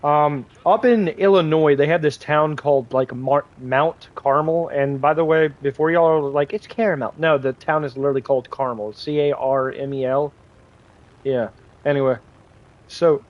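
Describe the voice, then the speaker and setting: Young male gaming streamer, slightly high voice, loose and profane, rambling anecdotes. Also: steady tone, moderate pace, dull audio. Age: young adult. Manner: rambling storyteller, swears freely, many fillers. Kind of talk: casual live-stream chat while playing.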